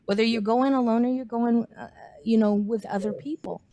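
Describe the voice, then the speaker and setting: A woman's voice: on the high side, steady tone, fairly quick, warm tone, no room sound. A woman hosting a casual chat, talking in an encouraging way and acting out inner voices. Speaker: host.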